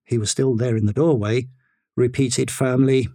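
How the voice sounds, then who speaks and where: A man narrating a story in a measured, expressive reading style. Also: medium pitch, no room sound, studio quality.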